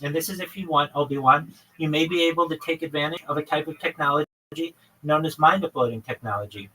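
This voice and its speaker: A man's voice: on the high side, fast talker, bright, forceful tone, breathy edge, distant mic, poor audio. A man hosting a livestream chat with a caller, earnestly listing his plans in long runs. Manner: earnest, lists many topics in long runs. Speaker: livestream host.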